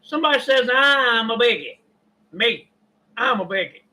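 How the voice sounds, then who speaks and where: A man's voice: extremely high pitch, lively intonation, moderate pace, pushed and bright, rough recording. A man with a Kentucky country accent, ranting indignantly and defensively in a casual vlog. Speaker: YouTuber.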